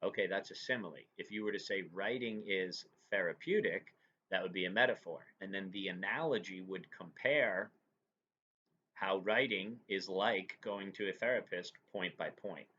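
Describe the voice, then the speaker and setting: A man's voice: low-pitched, normal speed, pushed and bright. A man teaching a lecture, explaining terms step by step and often checking in with "right?". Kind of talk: recorded classroom lecture. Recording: dull lo-fi recording with faint noise.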